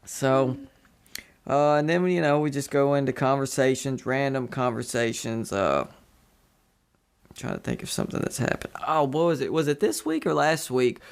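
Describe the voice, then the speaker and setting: This man hosts a casual podcast chat and wanders through his thoughts, full of fillers and restarts. His voice sits at a middling pitch with a gravelly, creaky edge. He never settles into a tidy sentence. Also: animated, normal speed. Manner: rambling, lots of fillers and restarts. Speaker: podcast host.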